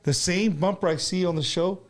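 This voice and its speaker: A man hosting a casual studio chat show, talking in animated, rambling bursts with many restarts. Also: high-pitched, normal speed. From United States. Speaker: show host.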